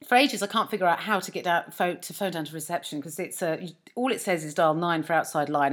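Lively, bright-voiced woman telling a story. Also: fairly low pitch, fast talker. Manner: self-mocking storytelling, acts out both sides of conversations. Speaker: podcast co-host and comedian. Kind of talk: casual chat.

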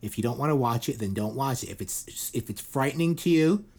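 A man's voice: mid-range voice, animated, fairly quick, vocal fry, a little mellow, slightly rough. A middle-aged man hosting a casual news chat show. He rambles irreverently, swears and fills his talk with "like" and "you know". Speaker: podcast host.

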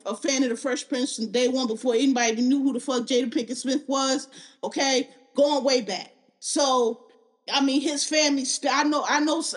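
Podcast host, woman, slightly high voice, heated blunt delivery heavy on profanity. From Philadelphia. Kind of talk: opinionated podcast rant.

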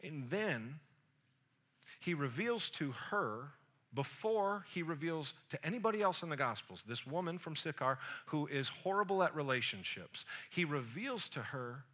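Slangy preacher with a sharp voice. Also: male voice, on the high side. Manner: casual, slangy, animated retelling. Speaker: pastor. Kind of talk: sermon storytelling.

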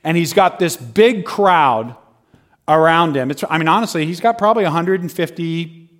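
A man telling a personal story in a lively way, often laughing and acting out the people in it. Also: fairly high pitch, moderate pace. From United States. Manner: lively, laughing as he tells it, acts out voices.

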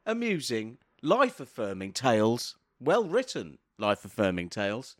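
Animated man. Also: medium pitch, measured pace, dry recording. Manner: reacts with groans, dry asides. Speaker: podcast co-host. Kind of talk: casual comedic chat.

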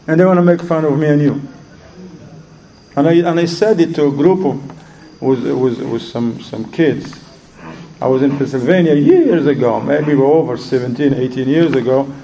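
In a warm mid-range voice at normal speed, a man gives a religious teaching, telling stories and asking the audience questions. He frequently repeats words while hunting for them. The audio is poor, with slight background noise.

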